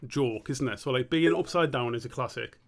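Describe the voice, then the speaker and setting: Gravelly, sweary man. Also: medium pitch, brisk. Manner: rambling, sweary, thinking aloud. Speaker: streamer and animator. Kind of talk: casual live-stream chat.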